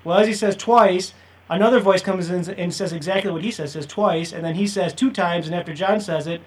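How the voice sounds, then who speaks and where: A man telling a story from an investigation in quick, casual chat, with fillers. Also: sits high. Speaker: paranormal investigator. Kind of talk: casual chat on a talk show.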